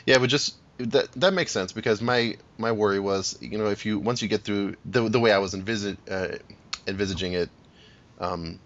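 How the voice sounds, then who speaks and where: A man's voice: on the low side, normal speed, fairly bright tone. A man co-hosting a podcast, talking casually about games in long rambling turns full of restarts and fillers. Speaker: podcast co-host. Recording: dull lo-fi podcast audio.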